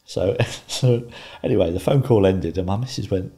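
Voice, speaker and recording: A man in his fifties, a guest in an interview, calmly telling stories and laughing often. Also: low voice, moderate pace. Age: 50s. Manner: calm, laughs often while telling anecdotes. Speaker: guest, former footballer and pundit. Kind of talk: casual interview storytelling.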